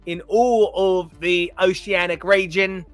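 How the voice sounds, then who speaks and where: A man voicing a conceited, bragging drag queen in a deliberately bad Australian accent. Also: sits high, fairly even intonation, a bit bright, no echo, faint music behind. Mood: smug. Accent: put-on Australian, done badly. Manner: smug, bragging. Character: boastful conceited drag queen, adult woman.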